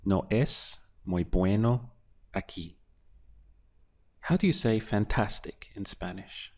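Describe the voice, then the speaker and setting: A man teaching a beginner language lesson, asking patient prompts and then giving clear model answers. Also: lowish voice, takes it slowly, a little mellow. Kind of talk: slow, deliberate language lesson with pauses.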